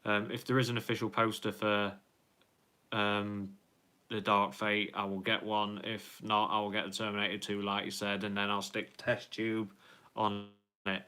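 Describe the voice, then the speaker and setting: A young man chats his way through a live stream, reading viewer comments aloud and rambling with plenty of ums and false starts. His voice is low, bright and smooth. He keeps an even, flat tone throughout. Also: moderate pace. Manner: rambling, full of ums and restarts.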